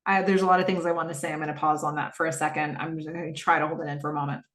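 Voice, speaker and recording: Speaking very fast in a level tone, a woman with a low-pitched but fairly bright voice hosts a podcast. She casually recaps a TV episode, chatting and acting out the characters' lines. Echoey room, distant mic.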